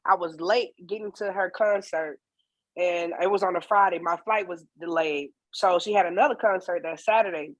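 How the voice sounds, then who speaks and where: Dry-voiced woman telling a lively story. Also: lowish voice, normal speed, no room sound. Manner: lively storyteller, acts out dialogue. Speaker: guest singer and percussionist. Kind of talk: casual podcast interview.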